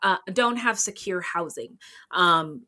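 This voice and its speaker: A woman's voice: fairly low pitch, lively intonation, takes it slowly, bright, forceful tone. A woman co-hosting a true-crime podcast, chatting casually with giggles and tangents. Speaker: podcast co-host.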